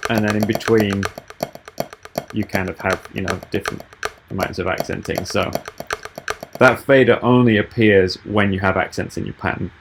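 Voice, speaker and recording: A man giving a software tutorial over a video call, explaining each step patiently. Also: on the low side, background noise. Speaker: app developer giving a tutorial.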